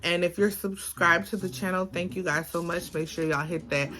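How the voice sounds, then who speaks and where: A woman's voice: lowish voice, steady tone, moderate pace, pushed and bright. A woman from Baltimore with a Baltimore accent, chatting casually to her phone camera at home, rambling with lots of fillers. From Baltimore, Maryland. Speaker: vlogger. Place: home, indoors.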